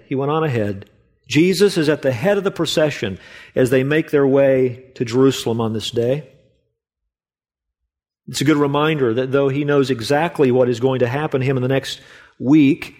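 Man preaching a steady, unhurried sermon. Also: medium pitch. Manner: steady teaching tone, reads scripture aloud; unhurried, stresses words by repeating them. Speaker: pastor. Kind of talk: expository sermon.

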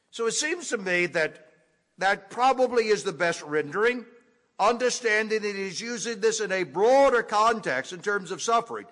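A man preaching an expository sermon, teaching deliberately and leaning hard on key words. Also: high-pitched, expressive, a bit bright. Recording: echoey hall with long reverb.

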